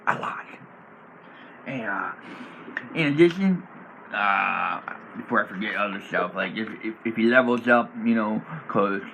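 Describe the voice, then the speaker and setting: A man casually explaining his tabletop role-playing character, rambling and animated and laughing often. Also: on the low side, a little hiss or hum, low-quality recording.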